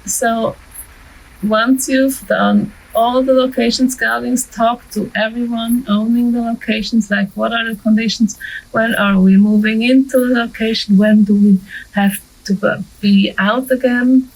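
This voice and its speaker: A woman's voice: on the high side, fairly even intonation, measured pace, vocal fry, darkish tone, rough recording. A woman explaining short-film pre-production in a casual, practical way, with light laughs and filler ums. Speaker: filmmaking instructor. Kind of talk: casual instructional talk to camera.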